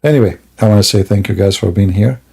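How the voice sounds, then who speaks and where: Gravelly, husky man mocking on a livestream. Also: lowish voice, quick pace, darkish tone. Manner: mocking, laughing, theatrical asides. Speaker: streamer. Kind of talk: sarcastic livestream monologue.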